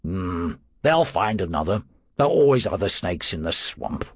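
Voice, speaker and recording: A cold Roman dictator who gives orders calmly and without hurry, in a male narrator's reading. The voice is husky and dry. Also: deep voice, normal speed, dry recording, voice pushed down, exaggerated voice. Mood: commanding.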